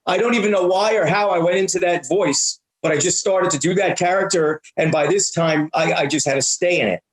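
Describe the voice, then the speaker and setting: A man in his fifties, a comedian guest in a casual interview, talking bluntly with lots of restarts and the odd curse. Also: sits high. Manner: halting, many restarts, blunt and profane. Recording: roomy echo.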